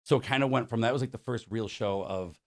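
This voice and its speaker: A fast-talking man in his forties, a concert promoter from Buffalo, New York, tells stories as an interview guest in a medium-pitched voice with vocal fry. He acts out the dialogue he quotes and says "like" constantly. The audio is dry and studio quality.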